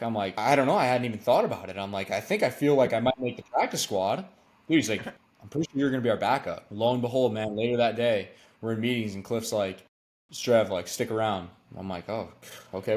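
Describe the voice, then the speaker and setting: Young dude guest on a podcast, hyped and slangy, voice jumps way up when he quotes people. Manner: excited, slangy, acts out quotes with pitch jumps. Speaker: podcast guest, former quarterback. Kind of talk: casual storytelling chat.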